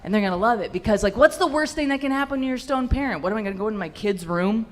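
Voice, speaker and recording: A woman's voice: fairly high pitch, lively intonation, racing. A young woman doing a stand-up set in a comedy club, brash and profane with punchy delivery into a handheld mic.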